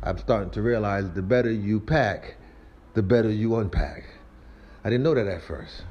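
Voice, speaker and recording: Heard through lo-fi sound, a man in his 30s vlogs a rambling, funny rant while moving around his home. He swears freely and speaks at a normal speed, his animated delivery shifting between squealing highs and mumbled lows.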